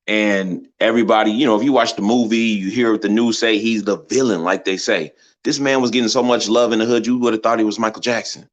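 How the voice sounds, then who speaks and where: A man's voice: on the low side, steady tone, fast talker, few pauses, highs cut off. A man hosting a sports channel, giving a passionate, preachy commentary full of rhetorical questions. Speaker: channel host.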